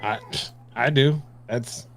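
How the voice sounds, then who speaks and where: A man co-hosting a casual sports podcast, talking slowly and playfully from off-mic. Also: medium pitch, creaky. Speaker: podcast co-host.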